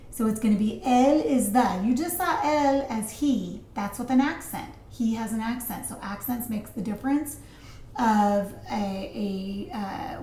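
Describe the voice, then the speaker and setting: A woman teaching a recorded lesson, chatty and full of asides, slowing down to pronounce each vocabulary word. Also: on the high side, warm tone, roomy sound, a little hiss or hum. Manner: chatty, explains with asides and fillers; slows down to pronounce vocabulary words. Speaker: Spanish teacher.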